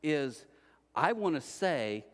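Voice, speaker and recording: A middle-aged man preaching a sermon as pastor, telling stories and acting out quoted voices with lively swings. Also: a little high, slow. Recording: church hall reverb.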